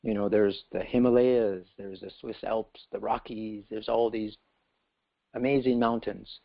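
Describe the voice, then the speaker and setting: A man's voice: on the low side, fairly even intonation, measured pace, creaky, muffled recording. Man voicing a patient, knowing sparrow. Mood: explaining.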